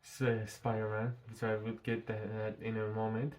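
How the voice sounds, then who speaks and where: A man's voice: on the low side, monotone, moderate pace, a little mellow. A man reviewing a show in a casual vlog, talking through a mask, rambling and swearing freely.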